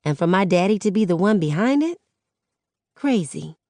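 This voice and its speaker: A woman reads a first-person novel aloud in a low voice, conversational and easy. The recording is close and dry, with no room sound. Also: very animated, moderate pace, warm tone, no echo. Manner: conversational teen-voiced storytelling. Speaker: audiobook narrator. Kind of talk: first-person audiobook narration.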